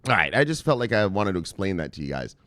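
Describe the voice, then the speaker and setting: Excitable, profane crypto host, low voice. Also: male voice, quick pace, dry recording. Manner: profane, excitable, laughs often. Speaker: crypto news show host. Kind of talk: casual market commentary.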